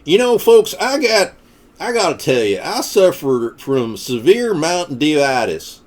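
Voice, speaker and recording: A man's voice: on the high side, very animated, a little slow, voice pushed up. A man putting on a toothless Appalachian hillbilly with an Appalachian accent and a gummy mumble, hamming it up for the folks. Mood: hammy. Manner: folksy, hammy, addressing folks.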